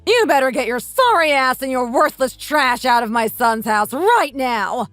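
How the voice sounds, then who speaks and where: A bossy, scornful older mother-in-law in her sixties, put on by a woman reading a texting story. She scolds and insults in a high voice that leaps up and down. The sound is close and dry, with no room around it. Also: animated, moderate pace, a bit bright, no room sound, soft background music. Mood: furious.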